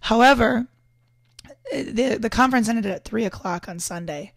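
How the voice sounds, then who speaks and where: A hoarse woman, slightly sick, talking casually and earnestly to camera in a vlog, often restarting her sentences. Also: on the high side, moderate pace, no echo, studio quality. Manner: earnest, rambling, with frequent restarts. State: hoarse from illness. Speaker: podcast host and entrepreneur. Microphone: external microphone.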